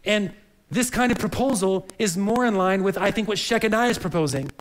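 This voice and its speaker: A man's voice: sits high, brisk, low-quality recording. A man preaching a sermon in an earnest, searching way, often repeating words as he reaches for the next phrase. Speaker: pastor.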